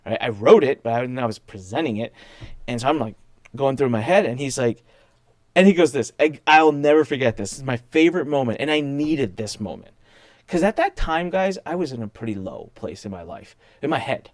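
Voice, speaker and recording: Man, business owner guest, casual storytelling, swooping lively pitch, acts out voices, restarts, dry close sound. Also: a little fast, no room sound. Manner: animated, acts out quoted people, many restarts.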